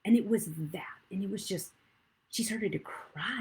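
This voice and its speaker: A middle-aged woman pastor preaching live from a church stage, telling a candid personal story and swinging from hushed asides to loud emphasis. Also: mid-range voice, moderate pace, a little hiss or hum, rough recording.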